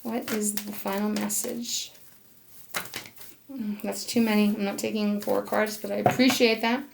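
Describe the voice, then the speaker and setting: A woman's voice: medium pitch, little pitch movement, a little slow, creaky, background noise. A woman giving a casual tarot reading to camera, chatty and enthusiastic, talking aloud to spirit, laughing often and coughing now and then. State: occasional coughing. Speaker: tarot reader.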